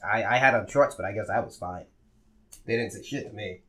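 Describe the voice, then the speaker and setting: A young American man co-hosting a podcast tells a travel story in casual chat, his fairly low voice moving a little fast over slight background noise. He's an animated storyteller who swears heavily and acts out what people said.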